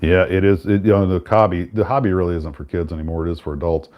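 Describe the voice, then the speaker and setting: A man hosting a casual chat, talking in a relaxed, rambling way with many restarts. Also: low voice, fast, lo-fi sound. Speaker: host.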